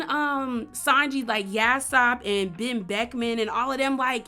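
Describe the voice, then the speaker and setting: A woman's voice: on the high side, measured pace, hardly any pauses, soft background music. A young woman talking casually and emphatically as a vlogger, reviewing a series. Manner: animated, emphatic, slangy.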